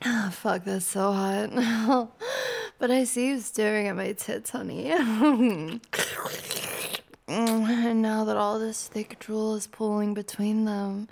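A woman's voice: mid-range voice, steady tone, slow, creaky, darkish tone. A woman performing an erotic audio role-play in a dominant, teasing manner, often dropping to a whisper.

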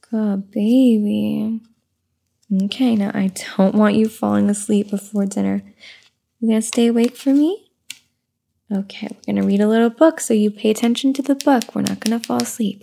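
A young mother reading a picture book aloud to her baby in soft, cooing baby talk, with a slow sing-song reading voice. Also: medium pitch, creaky.

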